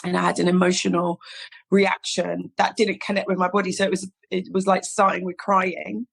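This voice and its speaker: A woman with a lowish voice, vocal fry, and a breathy edge talks at normal speed. She's a hairstylist founder appearing as a podcast guest, telling a personal story in casual chat, animatedly acting out the dialogue with many "like"s.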